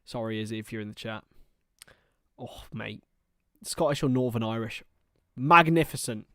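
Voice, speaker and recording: A young man in his twenties giving chatty, excitable live football watchalong commentary to his chat, laughing often. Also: mid-range voice, normal speed, no room sound, clean studio sound. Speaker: streamer and commentator.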